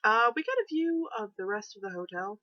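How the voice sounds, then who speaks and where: A woman's voice: mid-range voice, sing-song, a little fast, no room sound, lo-fi sound. Young woman rambling thru a road trip story, lots of ums, sarcastic, dry close sound. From New England, US. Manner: chatty, sarcastic, many fillers. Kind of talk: casual storytelling vlog.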